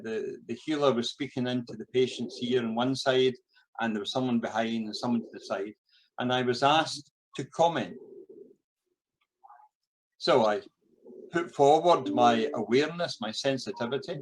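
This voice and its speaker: A man's voice: medium pitch, low-quality recording. A man with a Scottish accent giving a lecture full of personal stories, often repeating a word while he looks for the next phrase. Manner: storytelling, acts out the voices of the people he quotes. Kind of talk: anecdotal lecture.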